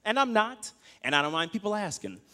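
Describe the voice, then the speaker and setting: A man's voice: sits high, very animated, fairly quick, bright, forceful tone. A man doing a self-mocking stand-up comedy set on a club stage, full of asides. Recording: noisy comedy club with crowd.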